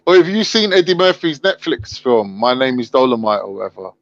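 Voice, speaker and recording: A man's voice: mid-range voice, very animated, dry recording. A chatty man, talking over friends and laughing through his stories. His voice sits mid-range, and the recording sounds a little muffled and lo-fi. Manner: chatty, quick, laughs while telling. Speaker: podcast co-host. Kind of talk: casual chat. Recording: muffled lo-fi audio.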